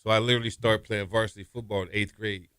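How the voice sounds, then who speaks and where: Guest: middle-aged man, lively storyteller, bright dry sound. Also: fast talker, clean tone, dry recording. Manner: animated storyteller, acts out quotes with raised pitch, laughs often. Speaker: former college quarterback, guest. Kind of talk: casual storytelling interview.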